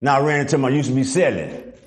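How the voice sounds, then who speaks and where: Middle-aged man for a gritty interview, animated and profane, jumps into the voices of the people in his stories. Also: medium pitch, fast. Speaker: guest. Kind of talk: casual storytelling interview.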